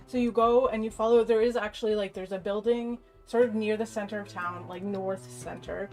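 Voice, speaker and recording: A woman's voice: medium pitch, fairly even intonation, fairly quick, darkish tone, faint music behind, low-quality recording. A woman running a tabletop game as game master, narrating in a loose way with many fillers.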